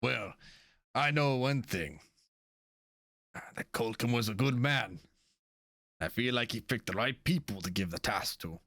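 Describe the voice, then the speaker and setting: A man voicing an emotional, secretive old male crewman who talks in hushed tones. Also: mid-range voice, animated, measured pace, pauses often, no room sound, studio quality. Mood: confiding. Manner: hushed conspiratorial whispering.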